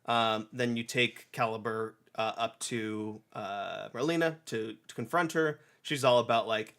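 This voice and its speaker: A young man hosting a casual review chat, retelling a game's story with lively acted-out snatches of dialogue. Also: medium pitch. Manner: animated, acts out characters in quick snatches, many restarts. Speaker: game reviewer. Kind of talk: casual podcast chat, retelling a game plot.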